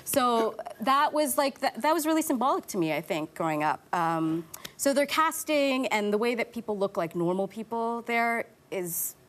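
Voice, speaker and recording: A woman's voice: a little high, lively intonation. A woman in her thirties, an actor, talking candidly as a talk show guest and laughing often. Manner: candid, quick to laugh, mimics voices in anecdotes. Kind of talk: casual interview chat.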